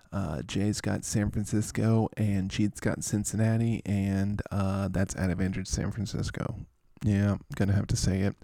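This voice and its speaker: A man's voice: on the low side, vocal fry, dark tone, no room sound, clean studio sound. A man hosting a fantasy football show in a casual, rambling, joking way, full of playful asides. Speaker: fantasy football podcast host. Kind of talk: casual comedic sports chat.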